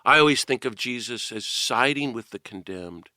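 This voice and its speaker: An older man hosting an interview, telling an animated story and laughing at himself. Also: mid-range voice, moderate pace, dry recording, clean studio sound. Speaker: podcast host.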